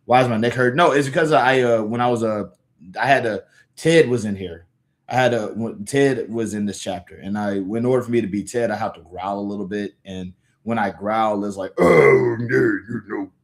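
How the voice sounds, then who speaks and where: Male streamer, casual and rambling, slightly low voice. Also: brisk. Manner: rambling, laid-back, many fillers and restarts. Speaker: livestream host reading comics aloud. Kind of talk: casual livestream chat.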